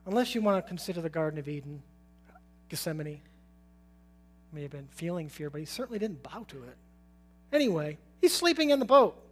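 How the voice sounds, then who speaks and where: This preacher has a fairly high, sing-song voice, speaks a little fast, and pauses often. His sermon is informal and conversational, full of questions for the audience and frequent chuckles.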